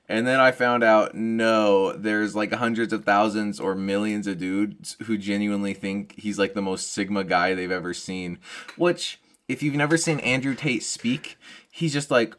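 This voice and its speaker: A man's voice: fairly low pitch, moderate pace, a bit bright. A young man with hiccups, doing a rambling, self-deprecating comic monologue and laughing at his own jokes. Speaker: comedian vlogger.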